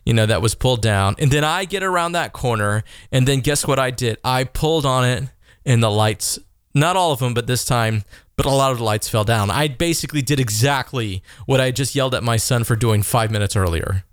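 Man, casual podcast host, self-deprecating, animated storytelling, smooth voice, dry sound. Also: mid-range voice, brisk, dry recording.

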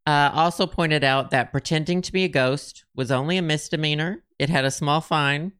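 A man's voice: on the high side, normal speed, a bit bright, clear, resonant tone. A man co-hosting a casual podcast chat, reading old testimony aloud with a lifted, dramatic delivery. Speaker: podcast co-host.

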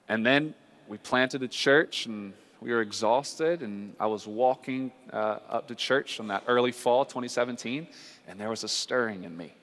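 A man preaching a sermon as a pastor, earnest and conversational, with drawn-out dramatic pauses. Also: mid-range voice, a bit bright. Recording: long hall reverb.

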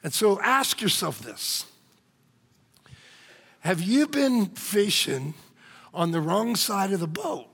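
A male pastor preaching a sermon in a church, animated and joking, calling out to the congregation. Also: high-pitched, slow, creaky, pauses often, breathy edge, big-room sound. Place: church sanctuary.

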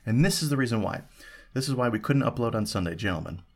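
A man's voice: mid-range voice, lively intonation, quick pace. A man hosting a casual food review podcast, playful and theatrical, full of puns. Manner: playful, punning, theatrical storytelling. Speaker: podcast host.

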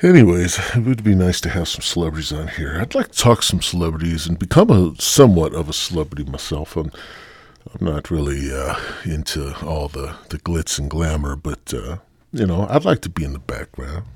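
A man's voice: very deep voice, animated, brisk, a little mellow, slightly rough, dry recording. A male podcast host rambling bluntly through a profane solo rant. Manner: rambling, heavy swearing, blunt.

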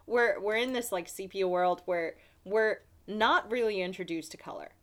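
A woman's voice: mid-range voice, normal speed, fairly bright tone. A woman co-hosting a podcast in casual chat, chatty, laughing often and acting out quotes. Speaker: podcast co-host.

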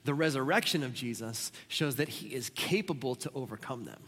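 Animated preacher in a reverberant hall. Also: male voice, mid-range voice, a little fast, breathy edge. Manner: animated storytelling with sudden loud exclamations. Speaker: pastor. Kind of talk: sermon. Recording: long reverb of a large hall.

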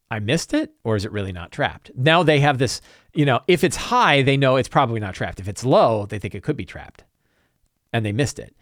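A man hosting a talk show, chatting casually and answering viewer questions in a rambling, animated way. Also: medium pitch, dry recording, clean studio sound. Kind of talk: casual chat.

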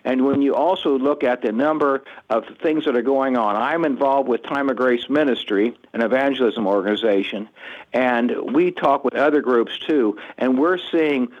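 An older man talks through his views in an earnest, reflective tone, pitched in the ordinary middle range for a man. The audio is slightly muffled and lo-fi, with its highs rolled off. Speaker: guest author. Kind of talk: conversational interview answers.

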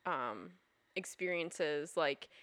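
A woman's voice: low-pitched, lively intonation, very slow, fairly bright tone, no echo. Playful rambling woman podcast co-host. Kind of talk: casual chat.

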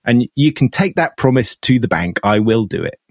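British guy on a podcast call, bit husky, dry sound, rambly and self-deprecating. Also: mid-range voice, big pitch swings, moderate pace, no room sound. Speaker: podcast co-host. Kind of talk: casual chat. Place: home, remote call.

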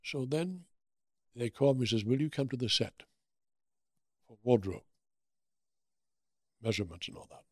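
A man in his eighties from Germany with a German accent, telling animated stories in an interview and acting out the quotes. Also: medium pitch, moderate pace, pauses often, breathy edge, no echo, clean studio sound. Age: 80s. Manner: animated anecdotes with acted-out quotes. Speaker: guest. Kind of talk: storytelling interview.

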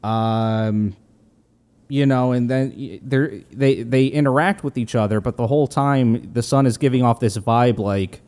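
A man's voice: medium pitch, measured pace, darkish tone. A man co-hosting a casual podcast, rambling through a film recap and laughing easily. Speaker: podcast co-host. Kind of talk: casual movie recap chat.

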